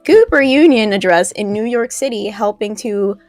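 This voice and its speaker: A co-host with a mid-range, darkish voice and lively intonation reads horoscope and history segments at normal speed on a livestream, chatty and playful. Her accent is mostly neutral American with a faint Southern edge; she's from New Jersey and raised in Florida. The recording has no room sound and faint music behind.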